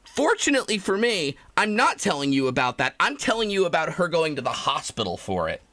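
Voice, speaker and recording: High, bright-voiced man ranting on stream. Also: wildly swooping pitch, a little fast. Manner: rambling, profane, self-pitying, breaks into laughter. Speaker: live streamer. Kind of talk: comedic live-stream rant.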